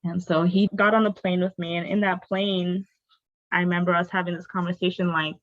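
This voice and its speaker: Young woman, lowish voice, candid storytelling, filler-heavy, dull lo-fi sound. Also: little pitch movement, brisk. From raised in a Bengali family. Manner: candid, earnest, uses many fillers like "like" and "you know". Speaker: podcast guest. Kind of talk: personal storytelling in a conversation.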